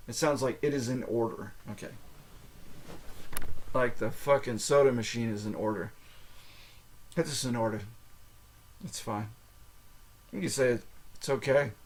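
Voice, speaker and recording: An American man in an easygoing lesson podcast, saying each phrase twice and slowly. He mocks himself and breaks into laughs as he goes. His pitch sits right in the middle for a man. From United States. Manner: self-mocking, laughs often, repeats phrases slowly. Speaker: podcast host. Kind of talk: casual language lesson.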